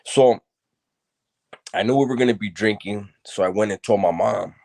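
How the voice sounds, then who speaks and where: A man with a very low, deep voice recounts his own past in an unhurried, conversational way. He talks loosely, leaning on street slang and often repeating himself as he goes. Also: gravelly, a little mellow. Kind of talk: casual spoken storytelling.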